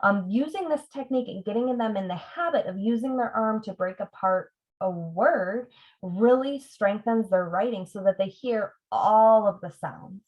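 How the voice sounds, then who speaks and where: A woman's voice: mid-range voice, moderate pace. A middle-aged woman reading tutor leading a parent workshop, patiently breaking words into sounds as she demonstrates. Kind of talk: teaching demonstration. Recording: dull lo-fi sound.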